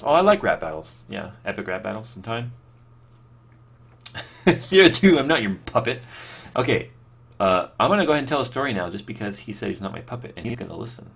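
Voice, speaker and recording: A man's voice: low-pitched, creaky, fairly bright tone. A man chatting casually on a live stream, reading viewer questions aloud and answering off the cuff, rambling with lots of fillers and restarts.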